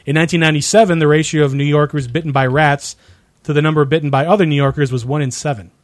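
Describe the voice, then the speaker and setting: A man's voice: a little high, steady tone, quick pace, dry recording, clean studio sound. A man from Ohio co-hosting a casual chat show, reading would-you-rather questions aloud and answering mildly with some stammering. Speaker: podcast co-host.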